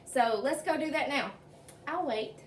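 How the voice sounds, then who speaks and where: A woman's voice: sits high, unhurried, slight background noise. Chatty woman cooking in a roomy kitchen. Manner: chatty and homey, with fillers. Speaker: cooking channel host. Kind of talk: casual cooking demonstration. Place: home kitchen. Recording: roomy, distant sound.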